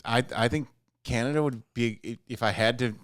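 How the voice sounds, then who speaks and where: A man co-hosting a casual podcast, telling a story with halting, stammered restarts. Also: medium pitch, a bit bright, no room sound, clean studio sound. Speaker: podcast co-host.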